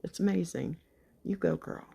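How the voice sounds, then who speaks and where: An older woman with a Texas accent, chatting to her subscribers off the cuff in a rambling, folksy way that drifts now and then into soft whispers. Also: on the low side, normal speed. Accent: Texan. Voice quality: gravelly, husky. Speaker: vlogger. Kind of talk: unscripted chat to subscribers.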